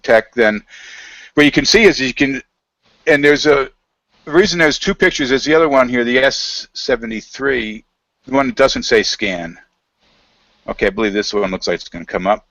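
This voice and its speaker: A man's voice: medium pitch, moderate pace, long pauses, fairly bright tone, no echo, poor audio. A middle-aged man as an interview guest, telling a long anecdote over a video call in a casual, rambling way, with many fillers and quoted dialogue.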